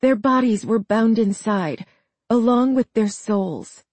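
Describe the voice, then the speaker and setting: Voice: medium pitch, expressive, takes it slowly, a little mellow, husky, no room sound, voice pushed up. Narrator doing a frightened young woman. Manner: shaky, faint and strained.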